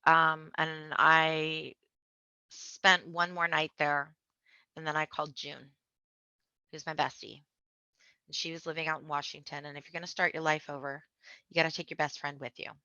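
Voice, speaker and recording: A woman with a bright, forceful voice pitched a little low tells her story as a podcast guest, animated and acting out the people in it. The sound is dull and lo-fi. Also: moderate pace, long pauses, clean tone, no room sound. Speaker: podcast guest, memoir author. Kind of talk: casual storytelling interview.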